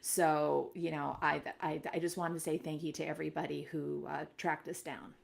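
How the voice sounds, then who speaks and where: A woman co-hosts a fan podcast in a lowish voice with gravelly fry. She talks earnestly and from the heart, filling pauses with ums and uhs. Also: level tone, a crowd in the background. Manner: earnest, heartfelt, with many fillers. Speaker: podcast co-host. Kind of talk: casual podcast chat.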